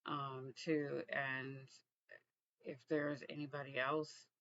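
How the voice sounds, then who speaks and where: A man from Texas, vlogging in a reflective, halting way with frequent restarts. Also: medium pitch, little pitch movement, bright, forceful tone, no echo, lo-fi sound. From Texas, USA. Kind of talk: casual personal vlog.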